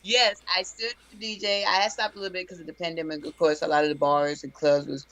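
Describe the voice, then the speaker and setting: A woman from Texas, a DJ, answering interview questions casually and telling stories in a relaxed way. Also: low-pitched, fast talker, no echo. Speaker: DJ and interview guest.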